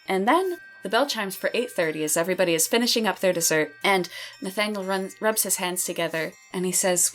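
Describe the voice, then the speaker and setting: A woman running a tabletop role-playing game, narrating scenes in a measured, descriptive way. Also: mid-range voice, animated, fairly bright tone, soft background music. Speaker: game master.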